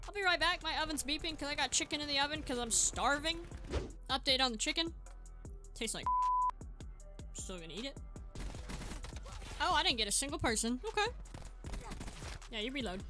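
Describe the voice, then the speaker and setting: A woman's voice: high-pitched, normal speed, pauses often, music in the background. A woman hosting a gaming channel, giving live gameplay commentary in a chatty, self-mocking way and yelping in bursts. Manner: excitable, yelps and shouts in bursts.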